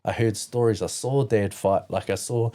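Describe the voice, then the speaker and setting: A man's voice: lowish voice, steady tone, moderate pace, warm tone. A man from New Zealand as a podcast guest, telling his own story candidly, rambling with many "like" fillers and blunt swearing.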